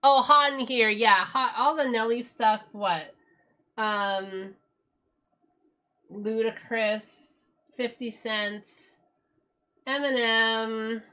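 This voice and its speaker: Bright-voiced British woman chatting on stream. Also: fairly high pitch, very slow, long pauses, smooth. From Britain. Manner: chatty, giggly, lots of fillers. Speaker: music streamer. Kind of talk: casual live-stream chat.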